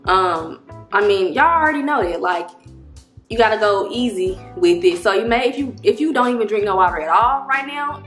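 Slightly out of breath, a woman vlogger chats with her viewers in a rambling, friendly way, calling them y'all. Her mid-range voice is expressive and a bit bright at a moderate pace, with an echoey room and soft music playing behind her.

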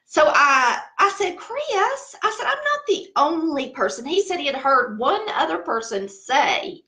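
This cooking channel host is a middle-aged Southern woman whose accent places her in the Southern United States. Her high voice sounds pushed and bright against reverberant acoustics as she chats casually, tells stories, and laughs at herself.

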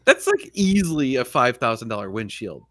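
A man's voice: mid-range voice, big pitch swings, moderate pace, a bit bright. Casual male streamer, middle voice, rambles and chuckles. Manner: laid-back, rambling, laughs often. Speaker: podcast host. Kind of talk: casual livestream chat.

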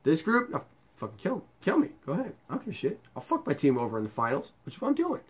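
A man's voice: on the high side, wildly swooping pitch, quick pace, slightly rough. Young man, gamer, profane, sarcastic, heckling the game. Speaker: gaming YouTuber. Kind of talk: profane let's-play commentary.

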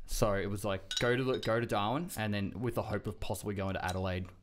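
Australian man, laid-back chat, low voice, faint background hiss. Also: fairly even intonation, fast. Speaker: guest. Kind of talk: casual chat.

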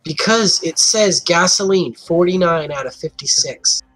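A man's voice: a little high, a little slow, fairly bright tone, dry recording. A man leading friends through a zombie game on voice chat, giving directions and correcting them. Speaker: gamer leading the group. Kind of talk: casual gaming chat. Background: game music.

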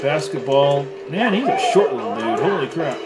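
A man giving casual gameplay commentary while reviewing a retro games console, excitable and swearing as he trash-talks the game. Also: fairly high pitch, moderate pace. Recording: loud game music behind the voice. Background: loud arcade game music.

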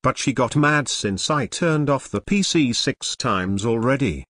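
A man's voice: medium pitch, animated, measured pace, a bit bright, no echo, studio quality. A synthetic man's voice playing a young troublemaker who explains himself and promises to behave. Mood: sheepish. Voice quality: synthetic text-to-speech voice. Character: young male troublemaker, sheepish.

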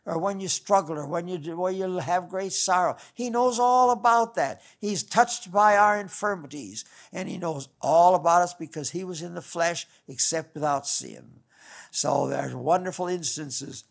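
Gravelly older man preaching a folksy sermon. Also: a little high. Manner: folksy, rambling preaching with restarts. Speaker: pastor.

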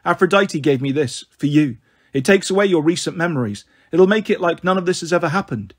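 A man's voice: on the high side, animated, fairly quick. A man reading as an anxious teenage girl. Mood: earnest. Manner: hesitant, trying to sound confident.

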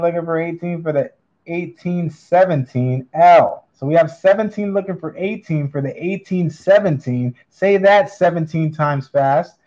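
A man hosts a live coin auction, stretching out his bid calls with an upbeat patter. His delivery is unhurried and his tone is soft and mellow, sitting a touch higher than usual. The recording sounds dull and lo-fi. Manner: drawn-out bid calling, upbeat hype. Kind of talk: live online auction calling.

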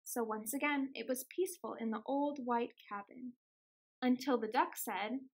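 High-voiced woman reading a picture book. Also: normal speed, husky. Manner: expressive, gentle storytelling. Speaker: extension outreach reader. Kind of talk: storybook read-aloud.

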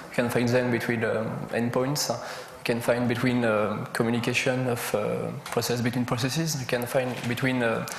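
Halting French-accented man presenting at a conference. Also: medium pitch. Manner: halting, searching for words, listing examples. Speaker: conference speaker. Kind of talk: technical conference talk. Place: large conference hall. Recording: echoey lecture hall with a faint hum.

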